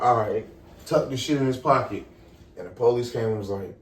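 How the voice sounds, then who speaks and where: A young man casually telling a story on a podcast, animated and profane, acting out the people in it. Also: medium pitch, a little fast. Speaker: podcast co-host. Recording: echoey room, far from the mic.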